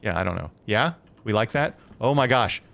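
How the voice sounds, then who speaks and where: A man's voice: lowish voice, expressive, moderate pace, vocal fry, fairly bright tone. A man live-streaming a building game, chatting casually and thinking aloud with many hesitant self-corrections.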